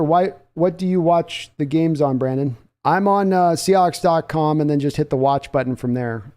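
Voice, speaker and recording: A man's voice: mid-range voice, dark tone, clear, resonant tone. A man hosting a live sports podcast, calling play-by-play in a chatty manner and answering viewer comments. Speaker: podcast host.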